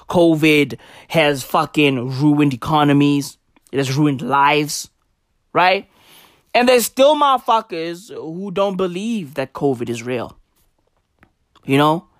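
A man's voice: on the high side, dry recording, studio quality. A man ranting casually to camera, profane and rambling with lots of slang. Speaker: vlogger.

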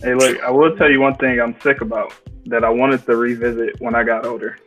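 Bright-voiced laid-back young man. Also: medium pitch, level tone, a little fast, faint music behind, rough recording. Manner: laid-back, profane, laughs often. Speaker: podcast co-host. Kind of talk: casual podcast chat.

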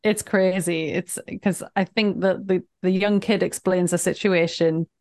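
A woman's voice: lowish voice, fairly even intonation, a little slow, a little mellow. A woman from Northern Ireland co-hosting a podcast in casual chat, agreeable and laughing often. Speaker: podcast co-host.

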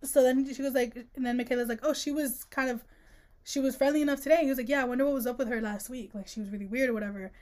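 A woman co-hosting a casual book podcast, her voice sitting a little on the high side. She retells scenes in an animated, slangy way, slipping into the characters' dialogue mid-sentence. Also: very fast. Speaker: podcast co-host. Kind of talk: casual book-discussion chat.

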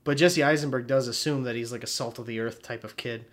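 A man's voice: medium pitch, steady tone, fast. Laid-back man, rambling movie chat. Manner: rambling, laughs often, swears casually. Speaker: podcast co-host.

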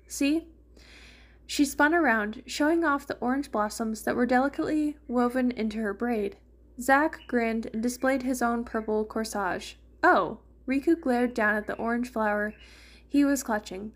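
A woman's voice: fairly high pitch, normal speed. A woman reading a fan fiction story aloud, narrating and lightly voicing the characters. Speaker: fanfiction reader.

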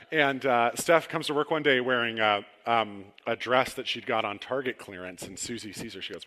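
A man preaching a conversational sermon in a church sanctuary, telling personal stories with relaxed, self-deprecating humor. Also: mid-range voice, fairly quick, hardly any pauses. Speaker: pastor. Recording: long hall reverb.

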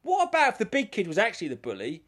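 A man co-hosting a podcast, telling stories in an animated casual chat and swearing freely. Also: high voice, rapid-fire. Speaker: podcast co-host.

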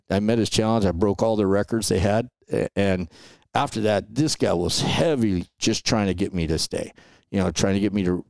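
A middle-aged man tells stories in a loose, conversational way. His voice sits on the low side, with a gravelly edge to it. The sound is dry and close, with no room around it. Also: dry recording. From Los Angeles. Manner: relaxed, chatty, peppers talk with "man" and "you know". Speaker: guest. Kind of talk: casual storytelling interview.

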